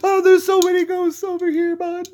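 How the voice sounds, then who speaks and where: A man voicing a jittery young cartoon slacker in a high, strained, shaky voice. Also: completely flat delivery, normal speed, warm tone, a little hiss or hum. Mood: scared.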